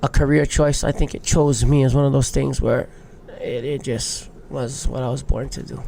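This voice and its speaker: This big wave surfer in his thirties from Hawaii guests on a podcast, telling his life story openly and emotionally while swearing casually. His mid-range voice is gravelly and warm, fairly even in intonation at normal speed, with slight background noise.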